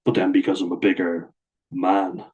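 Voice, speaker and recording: A man's voice: low-pitched, monotone, normal speed, phone-quality sound. A middle-aged man, bluntly telling a personal story to camera in a sweary, aggrieved way. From Ireland. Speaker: vlogger.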